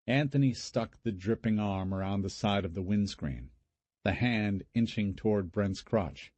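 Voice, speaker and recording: A man narrating a horror audiobook in a steady, measured way. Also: on the low side, dry recording. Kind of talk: scripted narration.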